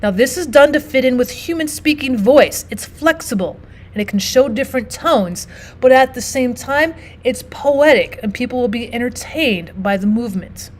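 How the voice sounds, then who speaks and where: Fairly high-voiced woman teaching literature. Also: normal speed. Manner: explanatory, steady, often starts with "now" and "so". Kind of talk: recorded lesson narration.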